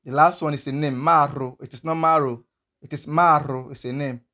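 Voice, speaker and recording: A man teaching a pronunciation lesson, speaking slowly and patiently and repeating each sound many times. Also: medium pitch, steady tone, fairly bright tone. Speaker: language teacher.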